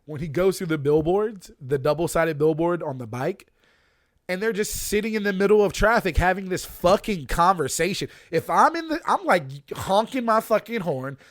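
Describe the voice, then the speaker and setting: A young man co-hosting a casual movie podcast, animated and swearing freely as he acts out little rants. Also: high voice, normal speed, no echo, clean studio sound. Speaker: podcast co-host.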